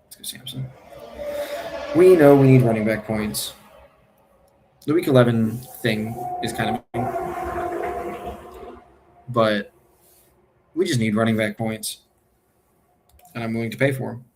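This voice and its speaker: A man's voice: mid-range voice, slow, pauses often, noisy background. A man streaming his fantasy football draft, thinking aloud in a casual, hesitant way and correcting himself as he goes.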